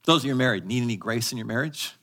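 A male pastor preaching a live sermon to a congregation, teaching emphatically and having the audience repeat words, moving between quick asides and slow stressed phrases. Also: mid-range voice, a bit bright. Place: church service.

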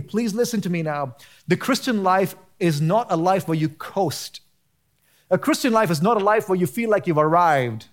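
High-voiced impassioned male preacher. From United States. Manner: impassioned, rising to near shouting at peaks; casual slang mixed into preaching. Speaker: pastor. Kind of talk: sermon.

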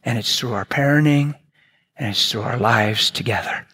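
An older man preaching a sermon, telling family stories in an animated, playful way and acting out relatives' lines. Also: mid-range voice, normal speed, husky. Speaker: pastor. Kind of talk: sermon storytelling.

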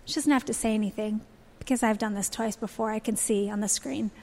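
A woman's voice: mid-range voice, steady tone, a little fast, a little mellow. A woman in her thirties sharing a heartfelt personal testimony to a church audience. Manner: earnest, heartfelt storytelling. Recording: long reverb of a large hall.

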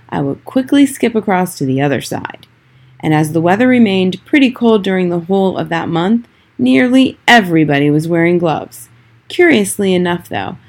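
A woman reading a children's novel aloud in a measured first-person storytelling manner. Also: on the low side, darkish tone. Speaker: reader.

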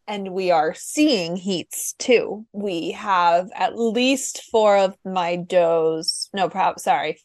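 Female co-host, unhurried chatty delivery, dry recording. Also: lowish voice, dry recording. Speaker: podcast co-host. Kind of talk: casual chat.

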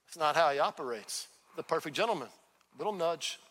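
A man preaching a sermon as a pastor in a church, talking conversationally and breaking into quick acted-out dialogues. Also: on the high side, animated, a bit bright. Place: church sanctuary. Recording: long hall reverb.

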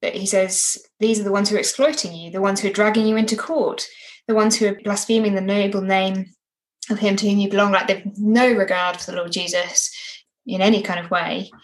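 A woman's voice: mid-range voice, fairly even intonation, brisk, poor audio. A woman co-hosting a casual Bible study discussion, earnest and reflective, often ending points with tag questions. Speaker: co-host discussing a Bible passage.

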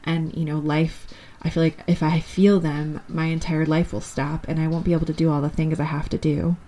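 A woman's voice: low-pitched, flat delivery, a little fast, mellow. A woman in her thirties hosting a solo podcast, talking candidly and affectionately straight to her listeners. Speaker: podcast host.

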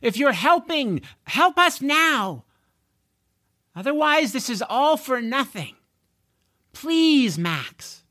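A man reading aloud who voices a frantic young man shouting and pleading to protect his dragon. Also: extremely high pitch, wildly swooping pitch, takes it slowly, hardly any pauses, husky, dry recording, clean studio sound, pitched above the performer's own voice, full character voice. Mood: desperate.

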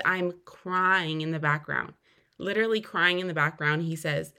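A woman's voice: low-pitched, a little slow, pushed and bright. A young woman hosting a podcast, telling her own story earnestly, with sudden emphatic rises. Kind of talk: personal storytelling.

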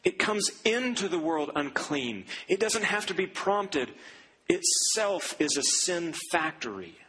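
Man, pastor, sermon storytelling, high pitch, forceful bright tone, faint background hiss. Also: big pitch swings, low-quality recording. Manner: acts out quoted voices, drops low and slow for grave lines.

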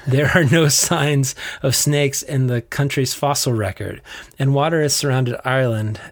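A man's voice: medium pitch, moderate pace. A man co-hosting a casual faith podcast, reading passages aloud and then talking with restarts. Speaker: podcast co-host.

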